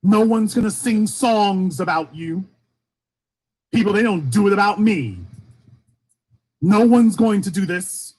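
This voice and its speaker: A man's voice: high-pitched, a little slow, long pauses, darkish tone, slightly rough. A man from Louisiana with a faint Southern accent, delivering an impassioned streamed monologue full of repeated rhetorical questions. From Shreveport, Louisiana, US. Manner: rhetorical, repeating questions, rising and falling emphasis. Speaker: commentator.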